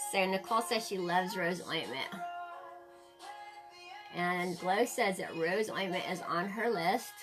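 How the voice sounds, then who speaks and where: A woman's voice: medium pitch, a little slow, over music. A woman in her forties hosting a casual live-stream makeup tutorial, chatting to viewers and laughing often. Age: 40s.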